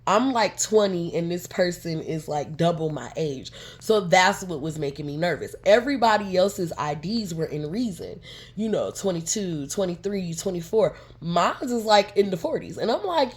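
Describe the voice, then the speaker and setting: Young woman vlogger, lower voice, animated storytime delivery, plays out every quote. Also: moderate pace. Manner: animated, chatty, acts out quotes. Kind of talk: casual storytime.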